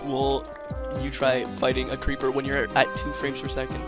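A man's voice: mid-range voice, completely flat delivery, moderate pace, music in the background. A man hosting a casual gaming session from home, exclaiming often and grumbling about lag. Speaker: host and gamer.

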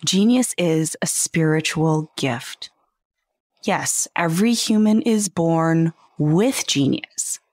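Lively, slow-talking woman podcast host. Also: low voice, dry recording, clean studio sound. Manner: earnest, conversational, with rhetorical questions and playful asides. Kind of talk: reflective podcast monologue.

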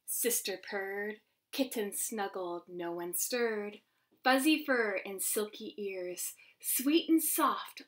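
Here a woman who teaches children's ministry shares a picture book with young kids, animated but gentle, breaking off to discuss the pictures with them. Her pitch is medium, and the microphone is distant.

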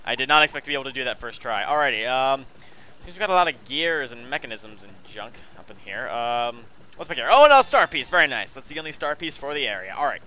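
A man's voice: mid-range voice, fast, pushed and bright. A man giving chatty video game commentary, often calling viewers his friends and apologizing for what he says. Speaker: let's play host.

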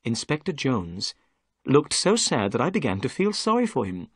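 A man narrating a storybook in clear, expressive scripted narration. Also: mid-range voice, normal speed, no room sound, clean studio sound.

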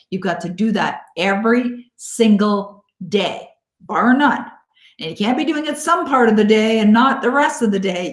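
A woman hosting a live online coaching webinar, encouraging and upbeat, thanking listeners by name and slowing down to guide them. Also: mid-range voice. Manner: slow, coaxing guidance in visualization parts. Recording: echoey room.

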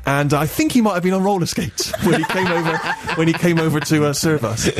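A man hosting a comic radio show, telling anecdotes in an animated way and often laughing at himself. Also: a little high, brisk, a crowd in the background. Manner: animated storytelling, laughing at his own anecdotes. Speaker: radio host. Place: radio studio.

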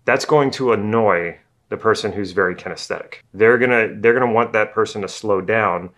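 A man's voice: on the low side, a bit bright. A man explaining NLP ideas in a casual video lesson, repeating phrases as he thinks aloud. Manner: acts out slow and fast talkers. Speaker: NLP teacher.

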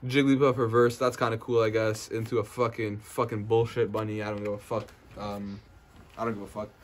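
A man's voice: fairly low pitch, a little fast. Brash, foul-mouthed young man opening cards. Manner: profane, brash trash-talk; excitable, swings into loud hype. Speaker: card-opening vlogger. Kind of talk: casual unboxing commentary. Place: indoors at someone's house.

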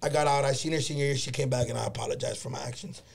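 A man's voice: medium pitch, fairly even intonation, rapid-fire, vocal fry. A young man co-hosting a podcast, telling stories in casual chat, full of slang and swearing. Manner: profane, slangy storytelling. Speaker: podcast co-host.

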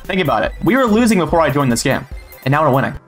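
A man's voice: a little high, sing-song, very fast, over loud music. Boastful young man calling his own plays. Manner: boastful, joking trash talk. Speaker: gaming YouTuber. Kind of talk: live gameplay commentary.

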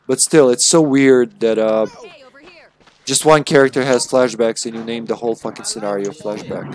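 A man's voice: mid-range voice, steady tone, darkish tone, slight background noise. A man streaming a retro video game, chatting casually with goofy jokes and swearing. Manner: goofy, swearing, quick to joke. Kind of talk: casual gameplay banter.

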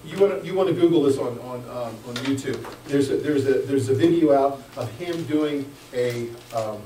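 A man preaching a sermon as pastor, lively and joking, swinging between hushed asides and loud bursts. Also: mid-range voice, normal speed, slight background noise. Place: church sanctuary. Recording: echoey church room, mic at a distance.

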